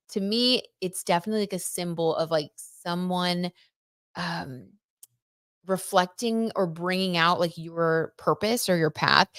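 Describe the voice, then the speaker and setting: A woman's voice: lowish voice, fairly bright tone, dry recording, studio quality. A young woman hosting a casual live tarot reading, chatty and gushing, with lots of "like" and "oh my gosh". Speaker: tarot reader and live stream host.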